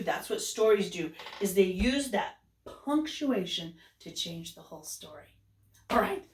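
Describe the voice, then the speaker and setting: A kindergarten teacher with a fairly high, very lively voice that swoops up and down in an exaggerated sing-song way. She is heard from a distance in a roomy, echoing space. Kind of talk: lesson for young children.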